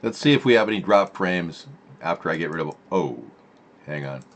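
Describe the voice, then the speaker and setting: A man's voice: low-pitched, animated, moderate pace. A man hosting a casual political live stream, reading out headlines and muttering his reactions.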